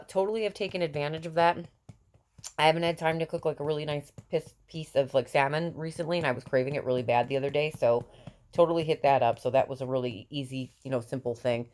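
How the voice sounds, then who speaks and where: A woman's voice: deep voice, fairly even intonation, fast talker, darkish tone. A woman in her thirties chatting casually in a vlog, rambling and filler-heavy as a mother giving healthy-eating tips. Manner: chatty and rambling, many fillers, laughs often.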